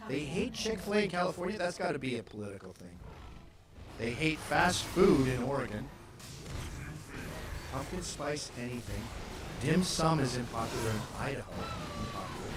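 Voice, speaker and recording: A man's voice: mid-range voice, lively intonation, normal speed, pauses often, a crowd in the background. A man hosting a casual comedic chat, reacting to maps with profane wisecracks. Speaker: host.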